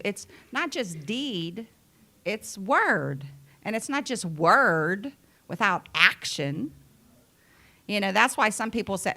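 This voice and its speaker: A woman from the United States preaching a sermon in an unhurried, conversational way with many asides. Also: medium pitch, lively intonation, sharp tone.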